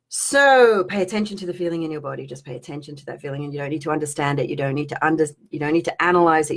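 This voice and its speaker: A woman, a spiritual teacher, talking to her viewers on a live stream and guiding them through a slow energy release, her voice sinking toward a whisper. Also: low-pitched, gravelly. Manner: soft, slow guiding voice that drops to a near whisper.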